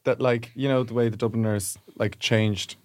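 A man's voice: mid-range voice, fairly even intonation, moderate pace, no room sound, clean studio sound. A man co-hosting a podcast, chatting casually in a rambling, hesitant, playful way. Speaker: podcast co-host. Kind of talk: casual chat.

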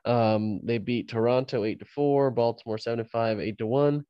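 A man's voice: mid-range voice, fairly even intonation, normal speed, smooth, no room sound, lo-fi sound. Man, podcast host, has a cold, chuckles often, rambly restarts, dry close sound. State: fighting a cold. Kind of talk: casual sports podcast chat.

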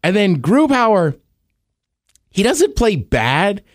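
A man co-hosting a podcast, chatting loosely about sports, rambling with plenty of "like" and quick laughs. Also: sits high, big pitch swings, no echo, studio quality. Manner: rambling, lots of "like", laughs often. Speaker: podcast co-host. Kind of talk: casual sports chat.

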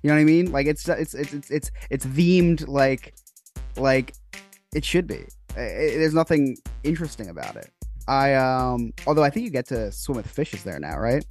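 A man chatting casually as a podcast co-host, voice at a middle pitch. He jokes a lot and trips into restarts as he talks, with faint music in the background. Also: sing-song, moderate pace, darkish tone. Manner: chatty, joking, many restarts. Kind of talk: casual chat.

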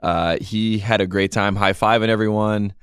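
Man, low pitch, dry studio sound, sports podcast co-host, exasperated ranting. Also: fairly even intonation, moderate pace, a bit bright, clean tone, no room sound. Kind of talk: casual sports chat.

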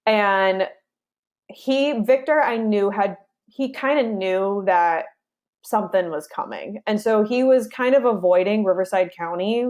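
A woman's voice: medium pitch, darkish tone. A young woman, an interview guest, telling a personal story in a casual way and acting out her side of past conversations.

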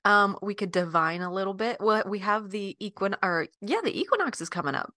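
A young woman co-hosts a podcast with easygoing, agreeable chat. Her voice is bright and forward. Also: mid-range voice, fairly quick, dry recording, clean studio sound. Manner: relaxed, agreeable, many fillers like yeah and mm-hmm. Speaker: podcast co-host. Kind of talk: casual chat.

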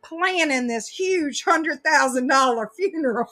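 A woman spins a funny story in easygoing podcast chat. Her voice sits high and sparkles with brightness, and she keeps breaking into laughter as she goes. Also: a little slow. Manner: animated, laughing through the story. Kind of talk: casual storytelling.

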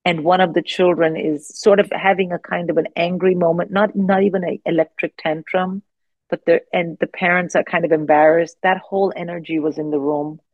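A woman in her forties, a guest comedian telling animated stories in casual podcast chat. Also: fairly low pitch, a little fast, dry recording, dull audio. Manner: animated, expressive anecdotes with frequent restarts.

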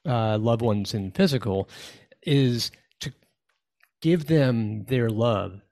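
A man's voice: medium pitch, lively intonation, slow pace, a little mellow. A man speaking as a medium in an interview, reflective and hesitant as he thinks aloud. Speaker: spiritual medium, guest. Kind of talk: conversational interview.

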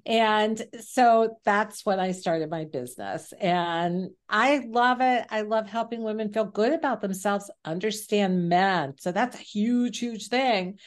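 A woman's voice: mid-range voice, slow pace, few pauses. A middle-aged woman, a guest dating coach on a podcast interview, telling her own story in an earnest, open way.

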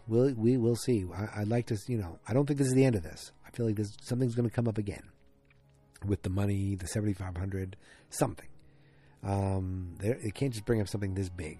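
Rambling low-voiced man, mellow tone. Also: breathy edge. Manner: rambling, frequent ums and restarts. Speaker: TV episode reviewer. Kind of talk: casual solo recap.

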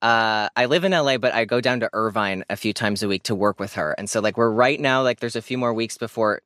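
A young man, a guest talking from inside a parked car, joking in a quick-witted, self-deprecating way. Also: on the low side, fairly bright tone, no room sound, studio quality. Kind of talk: casual comedic interview chat.

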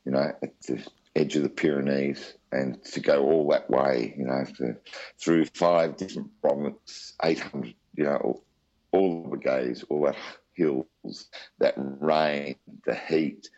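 A man's voice: extremely low pitch, steady tone, slow pace, a little mellow, muffled recording. A man with an Australian accent, telling his story as an interview guest in a chatty, rambling way. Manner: chatty, rambling with many asides.

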